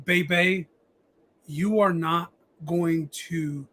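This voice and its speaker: Husky high-voiced man hosting a podcast. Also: steady tone, very slow, sharp tone. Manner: profane, rambling, stammering restarts. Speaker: podcast host. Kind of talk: casual live-stream chat.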